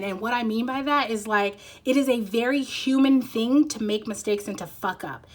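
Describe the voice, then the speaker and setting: A woman giving a casual pick-a-card tarot reading, talking candidly with plenty of swearing, fillers and bursts of laughter. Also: fairly high pitch.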